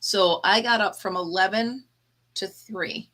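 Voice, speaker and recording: A woman's voice: mid-range voice, a little slow, bright, forceful tone. A woman hosting a casual live chat, tired and yawning, chatty and laughing often as she talks to her viewers. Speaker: livestream host.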